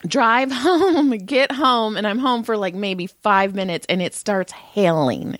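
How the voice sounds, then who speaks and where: A woman's voice: mid-range voice, measured pace, few pauses, no echo. A middle-aged woman co-hosting a podcast, telling family stories in casual chat, acting out voices and swearing freely. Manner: animated storytelling, acts out voices, swears. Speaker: podcast co-host.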